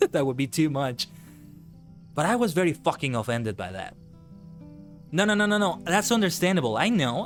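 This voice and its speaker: Ranting, profane male streamer. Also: a little high. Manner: ranting, swears freely, animated outbursts. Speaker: VTuber streamer. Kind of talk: casual live-stream chat while gaming.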